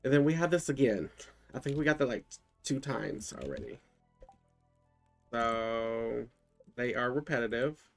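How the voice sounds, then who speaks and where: A man's voice: mid-range voice, measured pace, creaky, long pauses. A man casually commentating his own gameplay, thinking aloud and exclaiming at what he finds. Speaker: gaming channel host. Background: game music.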